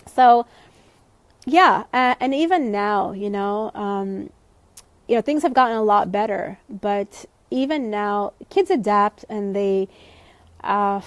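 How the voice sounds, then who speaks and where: A woman life coach in a conversational, reflective live-stream talk, gently reassuring viewers and using many fillers. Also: medium pitch, no echo.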